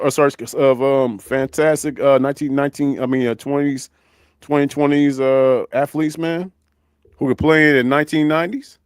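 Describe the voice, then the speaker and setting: A man hosting a casual sports talk show, animated and profane, his voice jumping up when he gets worked up. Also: moderate pace, smooth, no room sound, clean studio sound. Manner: animated, profane, jumps up in pitch when excited. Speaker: podcast host.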